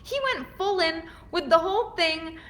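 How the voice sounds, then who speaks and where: A woman's voice: very high-pitched, normal speed, fairly bright tone. A woman hosting a casual talk show, effusive and over the top, often acting out quoted lines in different voices. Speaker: podcast host. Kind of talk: casual chat.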